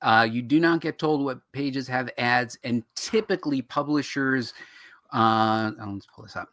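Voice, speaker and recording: A man's voice: medium pitch, unhurried, no room sound, studio quality. A man co-hosting a show on writing comics, explaining in casual chat and acting out quoted reactions. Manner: animated, acts out quoted reactions.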